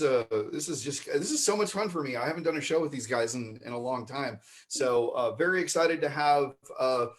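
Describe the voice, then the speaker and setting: Filler-heavy male improv host. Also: fairly high pitch. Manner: rambling with many fillers. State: mouth full of marshmallow. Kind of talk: livestream host banter. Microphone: video call.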